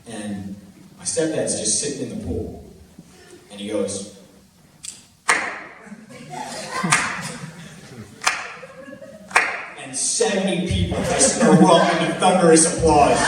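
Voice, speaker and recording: A man's voice: a little high, noisy background. A young man telling a funny story on stage, laughing and acting out the lines he quotes. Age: young adult. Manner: animated, laughing, acts out quotes loudly. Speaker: student comedian telling a story. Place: stage in a large hall. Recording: far-off echoey hall recording.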